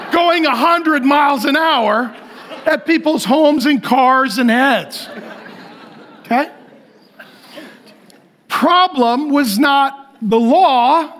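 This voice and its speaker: A pastor delivering a humorous sermon, telling stories in an animated way and often laughing as he talks. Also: very high voice.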